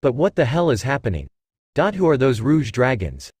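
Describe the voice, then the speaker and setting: A man's voice: mid-range voice, big pitch swings, moderate pace, darkish tone, husky, no echo. A man reading the lines of a hot-headed young male fire mage in an evenly read storybook voice. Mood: demanding.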